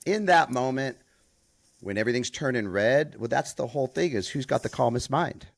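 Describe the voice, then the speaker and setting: A man co-hosting a podcast and chatting casually, a softball coach telling stories and acting out what people said. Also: medium pitch, moderate pace, gravelly, no room sound. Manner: storytelling, calm, quotes people in voices.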